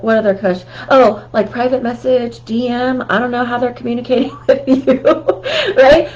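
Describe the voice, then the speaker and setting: A woman's voice: sits high, a little mellow, poor audio. A woman hosting a casual talk with communication tips, chatty and laughing often. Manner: chatty, laughs often, keeps asking "right?". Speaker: host.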